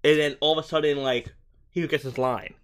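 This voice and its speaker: A man co-hosting a podcast, talking over a film in a casual, rambling way, full of "like" and restarts, and often getting excited. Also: fairly high pitch, fairly quick. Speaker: podcast co-host. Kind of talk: casual movie-review chat.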